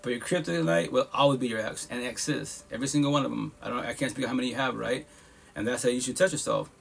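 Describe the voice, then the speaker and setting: A man with a husky voice talks at a quick clip. He hosts a live podcast and gives casual, heartfelt advice, blunt and profane, repeating himself for emphasis. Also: mid-range voice.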